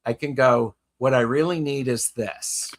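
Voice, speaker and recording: A man's voice: medium pitch, unhurried. A man hosting a casual chat, telling a story and repeating words as he gathers his thoughts. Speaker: host.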